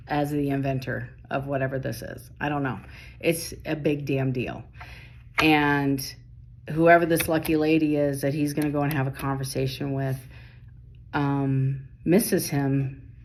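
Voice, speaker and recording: A tired woman reading tarot late at night, talking in rapid bursts that stop and restart mid-sentence. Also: low voice, slight background noise. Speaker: tarot reader.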